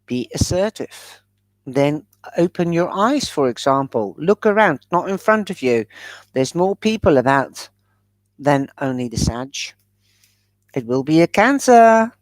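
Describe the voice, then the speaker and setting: A woman's voice: sits low, lively intonation, measured pace, no room sound. A woman giving a chatty live-stream tarot reading, calling viewers by pet names. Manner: chatty, showers viewers with endearments. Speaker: tarot reader.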